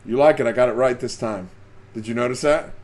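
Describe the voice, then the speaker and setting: A man's voice: mid-range voice, brisk, darkish tone. A man hosting a casual live stream about fishing, chatting and reading out the names of viewers as they join.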